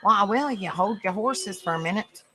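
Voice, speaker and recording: Bright-voiced woman hosting a livestream. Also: mid-range voice, expressive, normal speed, a little hiss or hum. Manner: folksy, exclamatory, talks to viewers while typing. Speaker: livestream panel host. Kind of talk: casual livestream chat.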